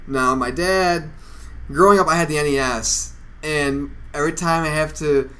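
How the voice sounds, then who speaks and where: Man, young adult, podcast co-host, bright voice, lively storytelling, loud quoted bits. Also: a little high, normal speed. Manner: animated storyteller, shouts when quoting people. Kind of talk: casual chat.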